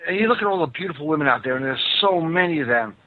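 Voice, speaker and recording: A man's voice: on the high side, animated, very fast. A man hosting a call-in talk radio show, blunt and mocking as he lectures the callers. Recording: narrow phone-like radio sound.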